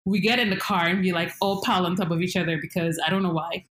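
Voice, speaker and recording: A young woman telling a story in casual chat, animated, jumping into high squeals when she acts out her panic. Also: fast talker, roomy sound.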